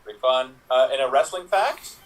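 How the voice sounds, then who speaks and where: A man from Canada on a video call, talking as a contestant in a relaxed, halting way. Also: medium pitch. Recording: distant from the mic.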